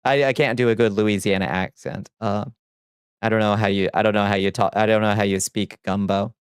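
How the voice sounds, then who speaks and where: A man's voice: fairly low pitch, fairly even intonation, fairly quick, clear, resonant tone, dry recording. A man chatting on a casual livestream, reading chat aloud and answering in a chatty, sardonic way, on a close desk mic. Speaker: streamer.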